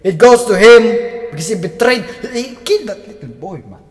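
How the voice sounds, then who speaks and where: A man reviewing anime who announces joke awards like a theatrical show host, swinging between loud shouts and low mutters. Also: animated, moderate pace. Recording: long reverb with music underneath.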